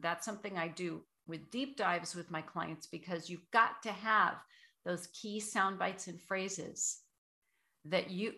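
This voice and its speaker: A woman who coaches voice and public speaking, giving measured, explanatory answers as an interview guest. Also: mid-range voice, pushed and bright.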